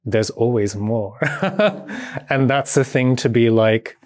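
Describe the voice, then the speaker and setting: A man with a British accent, chatting as a podcast guest in an animated, playful way. He laughs often and fills his talk with casual filler words. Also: medium pitch, slow, dry recording, clean studio sound. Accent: British English. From Britain. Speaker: podcast guest, movement artist. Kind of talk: casual chat.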